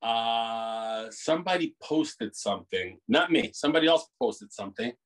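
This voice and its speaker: A middle-aged man born in Italy, a bakery owner, talking in an animated, rambling way with many restarts on a video call. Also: mid-range voice, moderate pace. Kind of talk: casual interview over a video call.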